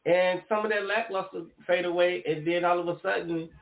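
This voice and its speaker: A man's voice: high-pitched, fairly even intonation, fairly quick, gravelly. A man co-hosting a podcast, arguing in casual, profane chat and talking over his co-host. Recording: echoey room, tinny phone-like sound.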